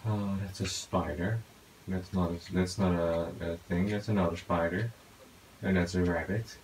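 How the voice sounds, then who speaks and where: A man giving casual gameplay commentary, talking to himself with excitable outbursts. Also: sits low, moderate pace, a little hiss or hum, rough recording. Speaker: gaming YouTuber.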